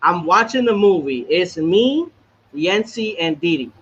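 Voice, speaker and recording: Profane, animated high-voiced man. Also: a little slow, slightly rough. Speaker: podcast co-host. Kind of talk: casual chat. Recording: slightly dull sound with faint noise.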